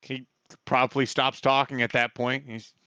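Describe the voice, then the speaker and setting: Slow, halting male game master. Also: mid-range voice, flat delivery, sharp tone, smooth, no echo, dull audio. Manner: halting, many fillers. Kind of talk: narrating a tabletop game.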